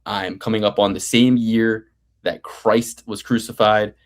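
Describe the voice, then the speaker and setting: A man in his thirties rambles through casual podcast banter with a fairly low voice. He swears freely and talks himself up in a playfully grandiose way as host of a betting picks show. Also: steady tone, unhurried. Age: 30s.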